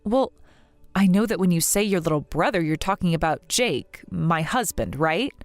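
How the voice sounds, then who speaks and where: A woman's voice: lowish voice, lively intonation, normal speed, no echo, faint music behind, pitched below the performer's own voice. A woman putting on Julia, a sneering snob. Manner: sneering and gloating. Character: snobbish, mocking rich woman sister-in-law. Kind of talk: dramatized story voice acting.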